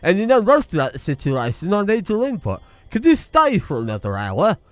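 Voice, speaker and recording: A man's voice: medium pitch, fast, clean tone, dry recording, lightly acted. A man voicing a fretful noblewoman in a strategy game, reading her lines aloud with a raised, strained delivery. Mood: urgent. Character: fretful noblewoman wife, adult, anxious.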